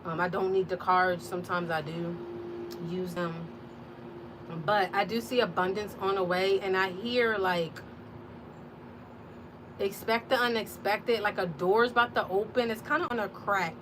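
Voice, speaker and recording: A woman's voice: medium pitch, steady tone, measured pace, noisy background. A woman, talking casually and rambling to her viewers with many fillers and restarts, as an intuitive reader. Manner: chatty, warm-hearted, rambling with fillers and restarts. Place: outdoors on a porch.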